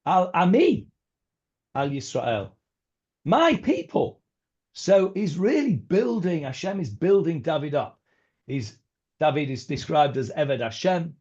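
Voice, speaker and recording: A man's voice: on the high side, very animated, a little slow, dark tone, husky. A man teaching a Bible class as a rabbi, talking informally with many fillers and restarts and mixing in Hebrew verses. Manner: mixes in Hebrew words and verses. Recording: dull lo-fi recording.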